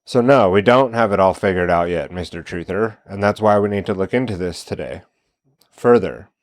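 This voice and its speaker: A man with a low voice hosts a solo commentary show. He talks casually and works through his points by asking rhetorical questions. The sound is dry and close, with no room around it. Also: normal speed, no room sound. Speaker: podcast host.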